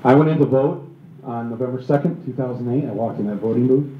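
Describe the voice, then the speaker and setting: A man's voice: medium pitch, quick pace, slight background noise. A middle-aged man from Michigan giving a comic political talk to a live audience, joking and acting out little voices and asides. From Michigan, USA. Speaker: speaker at a book tour event. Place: auditorium with an audience. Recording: echoey hall, slightly dull live recording.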